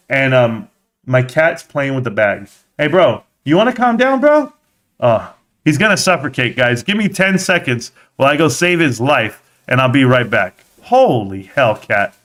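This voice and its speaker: A young man hosts his live stream in a loose, rambling rant, swearing as he goes. His voice is bright and forceful at a middle pitch.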